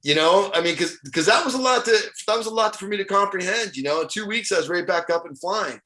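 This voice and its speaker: A middle-aged man from Ohio, a motivational speaker guesting on a podcast, telling stories in an animated, casual way with frequent chuckles. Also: high-pitched, quick pace. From Ohio, USA. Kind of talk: casual storytelling interview. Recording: echoey room.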